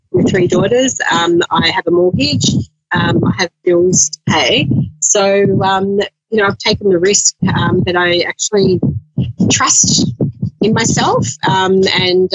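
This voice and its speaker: A woman's voice: on the low side, no echo. A woman guesting on a talk show, speaking casually and hesitantly with many ums. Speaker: guest, small business owner. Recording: dull lo-fi audio with clear noise.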